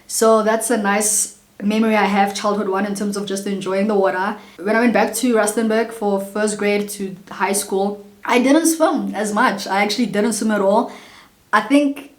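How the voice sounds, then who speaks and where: A woman's voice: medium pitch, fairly even intonation, normal speed. Chatty South African woman in an echoey room. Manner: chatty and upbeat, full of "like" and asides to viewers. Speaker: vlogger. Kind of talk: casual get-to-know-me storytelling.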